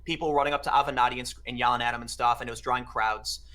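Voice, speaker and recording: A man telling an animated anecdote in casual conversation, acting out the exchanges he describes. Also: mid-range voice, very fast. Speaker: podcast guest. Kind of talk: casual storytelling chat.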